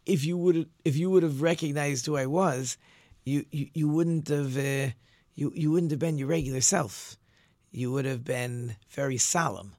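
Man doing a kind generous king, slow reassuring delivery, mid pitch, dry sound. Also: darkish tone, no echo, lightly acted.

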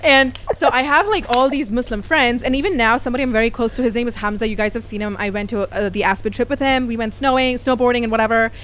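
A woman's voice: fairly high pitch, fast, few pauses, a little hiss or hum. Chatty woman telling gossip. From United States. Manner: animated storytelling, quoting others. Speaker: vlogger. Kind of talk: casual gossip chat.

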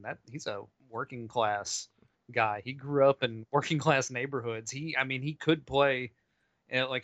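A man's voice: medium pitch, a bit bright, no echo, lo-fi sound. A man co-hosting a movie podcast, chatting loosely with profane, laughing asides. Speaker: podcast co-host. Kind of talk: casual movie podcast chat.

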